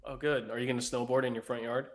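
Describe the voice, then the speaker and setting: Here a podcast co-host speaks quickly in a flat, mid-range voice. His talk is relaxed and conversational, but he digs in with follow-up questions for his partner.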